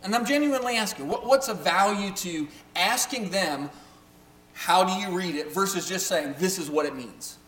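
A man's voice: high voice, normal speed, fairly bright tone. A man giving a conversational Bible teaching to a live group, often checking in with his listeners. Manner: chatty, keeps checking in with the audience. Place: room with a live audience. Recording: roomy echo with faint hum.

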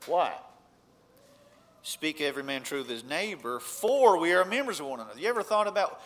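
A man preaching a sermon, earnest, rising to emphatic points and then dropping low. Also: fairly bright tone.

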